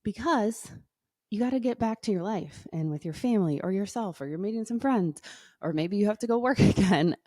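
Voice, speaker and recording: A woman wellness coach leading stretches and guided breathing, playful and upbeat at first, then slow and soothing. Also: medium pitch, expressive, dark tone, no room sound, clean studio sound. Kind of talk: exercise and guided breathing instruction.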